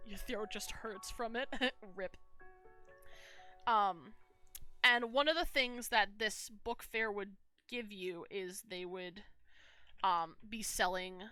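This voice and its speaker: A young woman chats with her stream while she draws, rambling through her points with plenty of fillers and restarts. Her voice is bright and forward, and soft music plays faintly behind her. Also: medium pitch. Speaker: streamer and artist. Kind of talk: casual live-stream chat while drawing.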